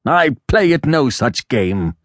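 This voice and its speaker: An earnest younger brother in an old novel , as a man voices him, pitched a little high and pressing hard. The pitch moves around as he argues. The reading stays dry and close. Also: sing-song, slow pace, no echo. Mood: aggrieved. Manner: tense and insistent, pitched higher. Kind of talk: audiobook character voice.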